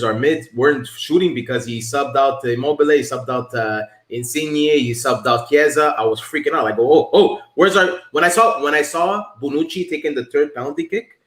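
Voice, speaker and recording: A man guest in a casual podcast chat, excitable and animated. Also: mid-range voice, reverberant.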